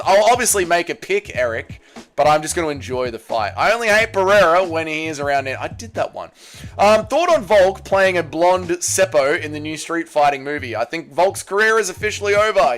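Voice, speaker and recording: Man, livestream host, blunt and jokey, animated pitch, fairly high voice, faint background music. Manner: blunt, jokey, bouncy delivery. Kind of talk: casual livestream chat, reading chat messages.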